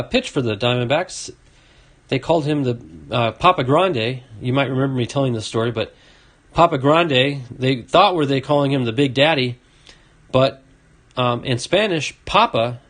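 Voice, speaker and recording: A man's voice: medium pitch, a bit bright. A man hosting a casual card-opening video, reading off names and chatting to a viewer. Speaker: card collecting video host. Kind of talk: casual box-opening commentary.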